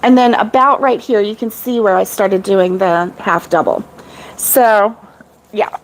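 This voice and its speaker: A middle-aged woman with a mid-range voice talks at a measured pace, chatting casually with live viewers about crochet. She rambles and laughs often, like a crochet vlogger, and the recording quality is low.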